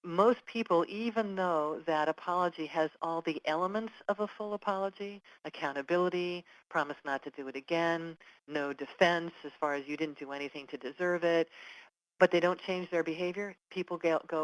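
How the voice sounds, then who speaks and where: A woman's voice: on the low side, normal speed, no echo, poor audio. A woman giving an educational webinar talk, earnest and emphatic, who sometimes acts out example apologies. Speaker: webinar presenter.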